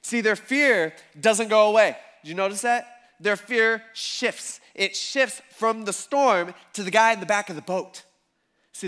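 High-voiced man giving a casual sermon. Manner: casual, animated storytelling with many fillers and acted-out quotes. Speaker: pastor. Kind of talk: conversational sermon. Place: church service before a congregation.

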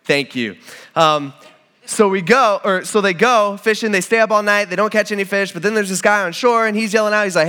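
A man with a fairly high voice gives a relaxed, chatty sermon to a group. He restarts his sentences often and acts out the quotes of the people in the story. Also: quick pace, clear, resonant tone. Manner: informal, conversational, with frequent restarts and acted-out quotes.

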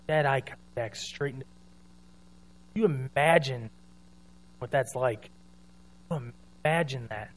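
A man preaching a sermon in an earnest, conversational way, retelling scripture in his own words. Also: a little high.

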